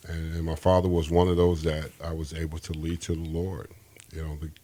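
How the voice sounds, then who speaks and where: A man's voice: a bass voice, flat delivery, a little fast, mellow, slight background noise. A man as an interview guest, telling an earnest, rambling faith testimony and often restarting his sentences.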